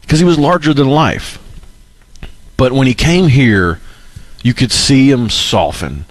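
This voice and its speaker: A man's voice: medium pitch, animated, unhurried, no room sound. Earnest man co-hosting radio. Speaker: radio co-host. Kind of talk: live radio broadcast.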